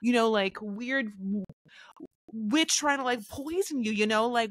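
A woman's voice: fairly high pitch, measured pace, dry recording. Chatty woman, dry close mic. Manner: animated, filler-heavy storytelling. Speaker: podcast co-host. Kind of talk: casual chat.

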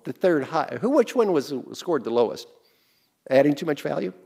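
A man's voice: on the high side, very animated, moderate pace, creaky, dark tone, breathy edge. A man giving an interactive, joking business lecture to a class, quizzing the audience and giving them exercises. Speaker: business speaker teaching a class.

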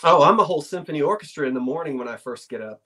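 A man's voice: fairly high pitch, lively intonation, very fast, sharp tone. Middle-aged male auctioneer, chatty, playful, reminiscing between lots. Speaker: auction host. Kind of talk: live online sale chat.

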